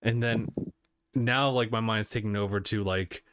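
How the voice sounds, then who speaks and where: A man's voice: on the low side, fairly even intonation, moderate pace, a bit bright, smooth, no echo, clean studio sound. A man co-hosting a podcast, chatting casually about video games, laid-back and laughing often, trailing off mid-sentence. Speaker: podcast co-host.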